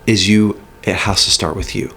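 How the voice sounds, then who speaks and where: A man's voice: lowish voice, steady tone, moderate pace, creaky, bright, forceful tone, a little hiss or hum. A middle-aged man talking earnestly and reflectively, sometimes acting out little exchanges with his kids. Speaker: guest speaker. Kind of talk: conversational teaching.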